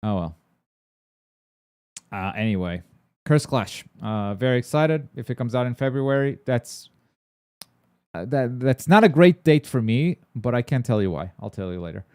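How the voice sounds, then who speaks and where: A man hosting a gaming and anime news stream in casual chat. He rambles excitably, with plenty of filler words and blunt swearing. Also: mid-range voice, normal speed, pauses often, clean tone, no echo.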